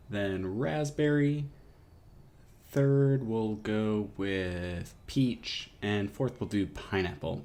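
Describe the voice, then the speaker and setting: A man teaching a music lesson to students, explaining step by step in a steady way. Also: fairly low pitch. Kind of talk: classroom lesson.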